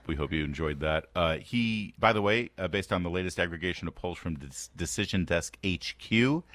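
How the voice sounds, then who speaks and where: A man's voice: low voice, fairly bright tone, dry recording. An American man hosting a morning talk radio show, sardonic and fond of reading quotes aloud with mock emphasis. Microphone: studio microphone.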